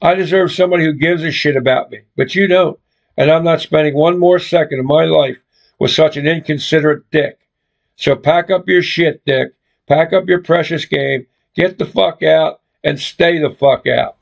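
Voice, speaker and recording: A man's voice: a little high, moderate pace, vocal fry, lo-fi sound. A man reading as a blunt, fed-up young woman. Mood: furious. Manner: blunt, sarcastic, swears freely. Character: fed-up young woman confronting her boyfriend.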